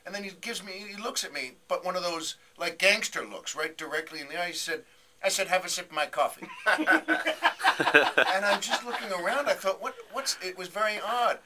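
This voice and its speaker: A comedian telling an animated anecdote as a guest on a radio show, acting out the people he quotes. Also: high voice, fairly quick, crowd noise. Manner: animated, acts out quotes with voices.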